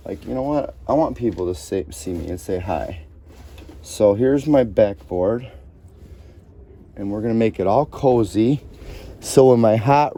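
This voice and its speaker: A man with a mellow, lowish voice vlogs casually and rambles, chatting and hopping between topics in a scattered way. He starts at home and later ends up outdoors in a store parking lot.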